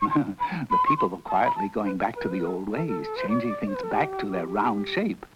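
A man narrating a children's storybook with a lively, playful telling. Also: fairly low pitch, a little slow, loud music behind the voice, low-quality recording.

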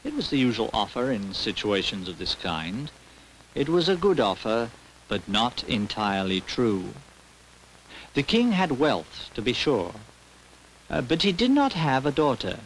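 Lively, wry storybook narrator, man. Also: mid-range voice, measured pace, a little hiss or hum, rough recording. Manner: expressive, wry, storyteller's asides. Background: background music.

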